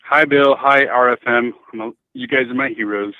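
A man's voice: mid-range voice, steady tone, normal speed, dry recording. Male caller, hesitant storyteller on a phone line, dry sound. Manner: hesitant, many restarts. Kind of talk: telling a personal story.

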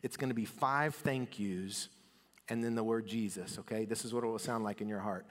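A man's voice: on the low side, fairly even intonation, normal speed. Man preaching in an echoing hall. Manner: conversational, swings between soft and loud. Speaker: pastor. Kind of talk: sermon.

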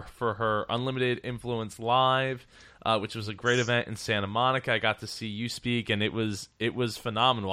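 A man's voice: mid-range voice, pushed and bright, no echo. A man hosting a podcast over a remote call, chatting in an upbeat, rambling way with lots of restarts. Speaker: podcast host. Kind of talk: casual interview chat. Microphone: remote call setup.

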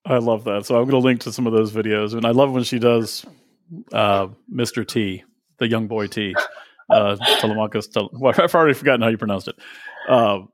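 A man's voice: on the low side, fairly quick, no room sound, studio quality. A man hosting a casual podcast interview, friendly and a little rambling. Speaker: podcast host.

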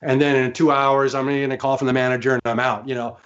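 A man's voice: mid-range voice, level tone, fast, a bit bright. A man guest, a former studio engineer, telling stories animatedly with laughter and frequent restarts. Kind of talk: anecdotal storytelling. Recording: slightly muffled remote audio.

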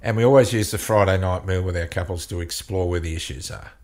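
A man with a very deep voice tells a story from his work as a couples counselor. He speaks in halting bursts, often repeating words before pushing on. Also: a little mellow. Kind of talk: storytelling in an interview.

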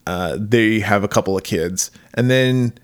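A man's voice: fairly low pitch, measured pace, clean tone. A man co-hosting a podcast in casual chat, laughing often and swearing freely as he talks. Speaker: podcast co-host.

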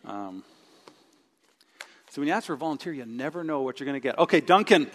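A middle-aged male pastor preaching a sermon with a live stage demonstration, animated and acting out his own inner voice with groans. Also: a little high, brisk, a little hiss or hum. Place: church sanctuary. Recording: long reverb of a large hall.

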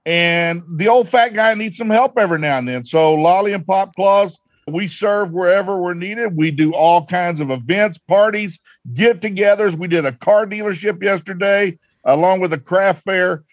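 A man's voice: high voice, moderate pace, dry recording. A man who works as a Santa performer, talking in a folksy, jovial and earnest way during a casual interview. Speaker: professional Santa performer, guest. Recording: slightly dull, lo-fi sound.

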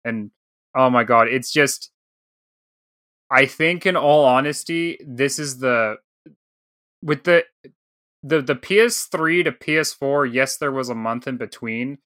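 A man in his thirties tells a casual story on a podcast, slipping into the voices of the people in it. His voice is bright and forward. The sound is dry and close, with no room around it. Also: medium pitch, slow, pauses often, no room sound. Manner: animated storyteller, acts out quoted dialogue. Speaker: podcast co-host.

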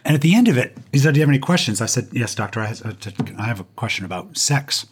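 A man's voice: medium pitch, expressive, quick pace, slightly rough. A man, a guest on an interview show, telling a personal story with self-deprecating humor and punchlines.

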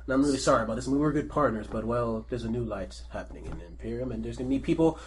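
A man's voice: medium pitch, lively intonation, racing, close to an everyday voice. A man voicing a treacherous male rival captain in a tabletop game, stammering and wheedling as he talks. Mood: smug.

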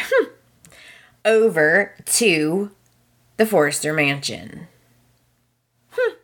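A woman recapping a soap opera on her podcast, with a bright, forceful voice. She takes her time and sounds gossipy and exasperated, often turning to her listeners. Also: sits low. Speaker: podcast host.

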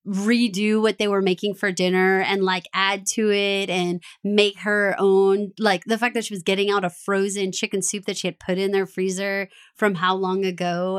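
Animated woman co-host chatting casually, laughs a lot, quotes characters in funny voices. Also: mid-range voice, smooth. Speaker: podcast co-host. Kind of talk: casual TV recap chat.

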